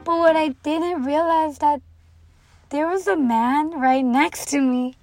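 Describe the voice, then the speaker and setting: A woman's voice: high-pitched, slow pace, a little mellow, soft background music, low-quality recording. A young woman telling a race story in a casual, giggly way, full of "like" and "um". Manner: giggly, lots of "like" fillers. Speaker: student runner.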